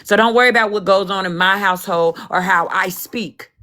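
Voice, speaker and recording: A woman's voice: medium pitch, brisk, sharp tone. A woman hosting a livestream and talking casually as a mother, ranting in a heated, defiant way and swearing freely.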